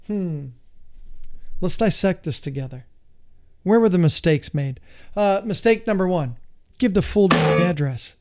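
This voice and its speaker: A middle-aged man from the United States gives an emphatic instructional talk, often sounding exasperated. He repeats his points for weight. His voice sits fairly high and sounds clear and resonant. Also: animated, a little slow, long pauses, darkish tone. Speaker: real estate investor and hard money lender. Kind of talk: instructional monologue.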